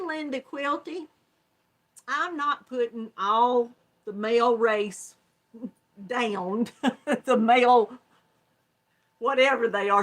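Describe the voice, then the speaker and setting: A woman's voice: fairly high pitch, fairly bright tone. An older woman with a Southern American accent, hosting a casual crochet livestream and chatting folksily with viewers, often laughing. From Georgia, US South. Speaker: crochet channel host.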